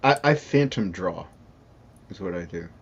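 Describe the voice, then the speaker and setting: A man's voice: deep voice, expressive, unhurried, slightly rough. A man on a casual group video call, playful and goofy, who often stumbles and restarts his sentences. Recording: dull lo-fi mic.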